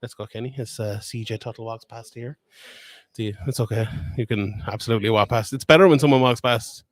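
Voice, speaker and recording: A man's voice: medium pitch, brisk, no room sound. A young man with a Limerick Irish accent, rambling and laughing as he hosts a casual live stream from a fight weigh-in. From Ireland. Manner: rambling, chatty, laughs often. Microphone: phone camera.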